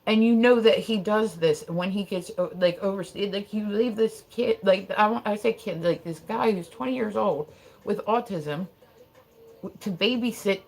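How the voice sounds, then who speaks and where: A woman's voice: medium pitch, moderate pace, darkish tone. A woman streamer telling a story on her live stream in a heated, profane way, full of "like" and "right?".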